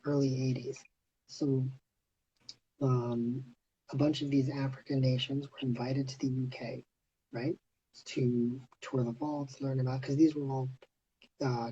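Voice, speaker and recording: A man hosting a casual livestream chat, telling a story in an animated way with lots of "like" and "you know". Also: mid-range voice, breathy edge, dull audio. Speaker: host of livestream. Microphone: phone on a live video stream.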